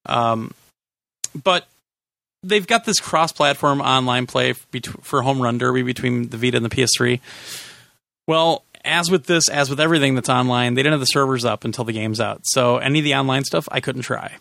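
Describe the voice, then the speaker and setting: Gravelly guy on a podcast rambling thru a game review, sarcastic, dry close sound. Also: mid-range voice, moderate pace, sharp tone, dry recording. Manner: rambling, sarcastic, self-correcting. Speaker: podcast host. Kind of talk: casual game review chat.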